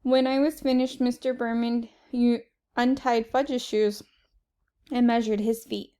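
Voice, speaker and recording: A woman reading a children's chapter book aloud in steady first-person narration. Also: on the high side, unhurried, smooth. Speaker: reader.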